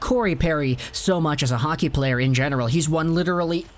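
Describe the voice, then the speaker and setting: A male hockey commentator talking casually to his viewers. His voice sits a touch high and he sounds eager and chatty, dropping in the odd sarcastic remark. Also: fast talker, slight background noise. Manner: enthusiastic, chatty, sarcastic asides. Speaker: hockey channel host.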